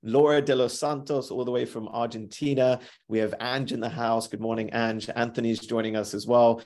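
A man's voice: mid-range voice, level tone, normal speed, darkish tone. A man hosting a live motivational podcast, upbeat and chatty, repeating his greetings and talking himself through his morning. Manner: upbeat, repeats greetings, self-talk asides. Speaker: podcast host.

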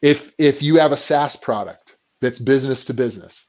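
A man talking as a business coach in a casual podcast conversation, acting out the people he quotes and often clearing his throat. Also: medium pitch, moderate pace, lo-fi sound. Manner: animated storyteller who acts out quoted people.

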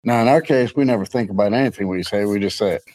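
A man's voice: lowish voice, rapid-fire, darkish tone, poor audio. A middle-aged man co-hosting a casual faith podcast, rambling and joking, laughing often. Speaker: co-host.

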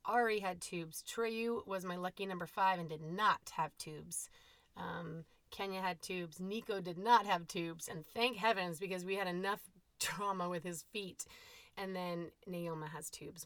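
Candid, bright-voiced mom telling stories. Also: female voice, on the low side, dry recording. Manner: candid, animated, quotes herself in asides. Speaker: podcast host, mother of eight. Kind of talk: casual personal storytelling.

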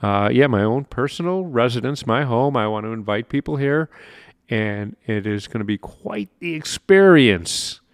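A man hosting a solo motivational podcast, talking in an upbeat, animated way, laughing often and repeating himself. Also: medium pitch, normal speed, no room sound, clean studio sound. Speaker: podcast host and life coach.

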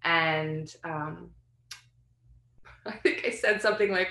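A woman in her thirties tells a personal story, candid and meandering, full of fillers and restarts. Her voice sits a little low. The room gives the recording a noticeable echo. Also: measured pace, vocal fry, bright, forceful tone. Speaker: guest sharing a birth story. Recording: roomy echo.

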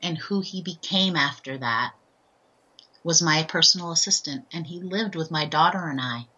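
A woman with a low voice that still comes across bright and forceful shares a heartfelt personal story as a podcast guest. Her tone is slightly husky, and she speaks earnestly, often pausing to ask "right?". The recording sounds dull and lo-fi. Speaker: guest, author and transformational speaker.

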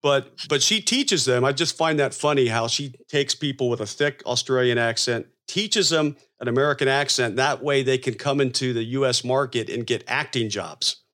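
A man's voice: mid-range voice, moderate pace, hardly any pauses, fairly bright tone. A man co-hosting a podcast, telling stories in a rambling, casual way. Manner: rambling storyteller with many fillers and restarts. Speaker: podcast co-host.

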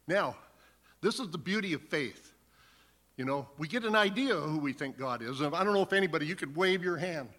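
A man's voice: on the high side, expressive, brisk, a bit bright. A man preaching a sermon, reading scripture aloud and then earnestly explaining it. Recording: long hall reverb.

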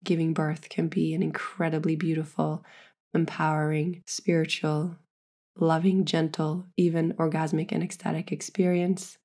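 A woman's voice: low-pitched, level tone, normal speed, a little mellow. A pregnant woman frankly telling her own birth story, earnest and swearing freely. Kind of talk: candid personal storytelling.

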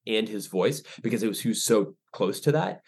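A young man, a ministry director, telling stories as a podcast guest, animated and full of restarts. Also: on the low side, normal speed, slightly rough. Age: young adult. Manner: animated storyteller, many restarts and fillers. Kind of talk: casual interview chat.

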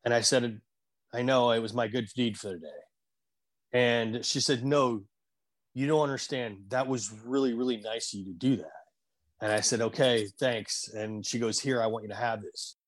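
A man telling an emotional personal story in conversation, earnest and halting, at times choked up. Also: medium pitch. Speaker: guest.

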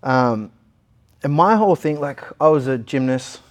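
A young Australian man at a middle pitch tells a personal story in a relaxed interview. He talks casually and brings the story to life by doing the voices of the people in it. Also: unhurried. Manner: animated retelling, acting out other people's lines. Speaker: interview guest.

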